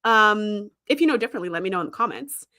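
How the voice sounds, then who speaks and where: A woman's voice: mid-range voice, animated, quick pace, bright, forceful tone. A woman hosting a casual livestream, chatting and laughing as she retells scenes and reads the chat. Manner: chatty, laughs often, acts out quoted lines. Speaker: host reading live chat.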